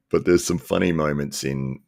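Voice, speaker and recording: A man hosting a casual live stream, chatting in a relaxed, rambling way and chuckling often. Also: a bass voice, a little slow, gravelly, no room sound, clean studio sound. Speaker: live show host reading chat.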